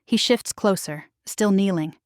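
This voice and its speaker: A woman reads a first-person romance story at a slow, deliberate pace. Her voice sits at a middle pitch and sounds dry and close, with no room echo. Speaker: audiobook narrator.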